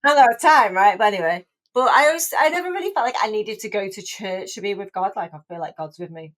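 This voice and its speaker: A woman's voice: mid-range voice, animated, fast talker, fairly bright tone. A woman in her forties, a podcast guest, telling her story in casual, chatty talk full of restarts and "like"s. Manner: chatty, emotional, many restarts and "like"s. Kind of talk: casual chat.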